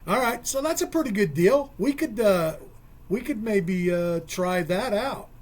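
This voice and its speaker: A man's voice: high voice, animated, measured pace. A man hosting a radio sports talk show, casual and joking, telling stories and working things out aloud. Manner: joking, storytelling, thinks aloud with math.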